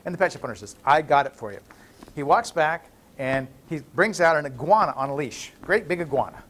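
Lively joking male professor. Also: fairly high pitch, a little fast. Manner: animated, playful storyteller. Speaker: university professor. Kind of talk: classroom lecture with jokes. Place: classroom.

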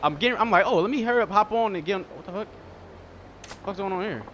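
An excitable man rants profanely while playing a game, his voice swinging up and down. He talks close to the mic, and the sound is dull and lo-fi. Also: sits high, quick pace, a little hiss or hum. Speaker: gaming channel host. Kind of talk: let's-play gaming commentary.

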